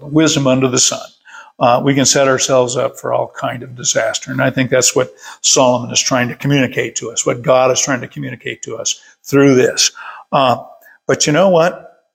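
A man's voice: medium pitch, vocal fry. An older man leading a casual Bible study from his workshop, folksy and chuckling as he tells stories.

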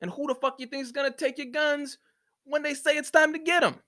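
An extremely high-pitched man's voice, pushed and bright, comes at a fairly quick pace with fairly even intonation. On his solo podcast he rants profanely and sarcastically, hot under the collar and scornful of other people's opinions.

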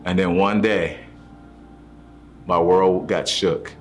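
A man's voice: deep voice, steady tone, takes it slowly, slight background noise. A man giving a personal faith testimony, telling his story earnestly and acting out the voices of the people in it. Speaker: testimony speaker. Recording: soft music underneath.

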